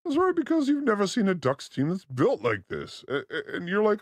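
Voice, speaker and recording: A man's voice: sits high, huge pitch swings, a little fast, few pauses, dry recording, clean studio sound. A man hosting a casual comedy livestream, crude and joking, often slipping into put-on accents. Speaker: livestream host. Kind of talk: loose comedic livestream chat.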